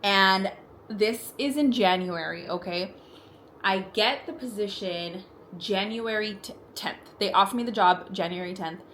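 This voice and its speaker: A woman's voice: mid-range voice, unhurried, fairly bright tone, slight background noise. A young adult woman vlogger telling a personal story in casual chat while doing her makeup, talking in a chatty way with frequent "like" fillers, at home in her apartment.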